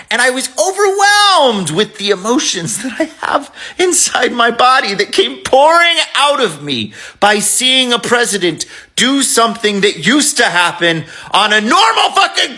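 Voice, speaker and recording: A man's voice: high voice, pushed and bright. A man giving an emotional, impassioned reaction monologue, swearing as he talks. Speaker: commentator reacting to a video.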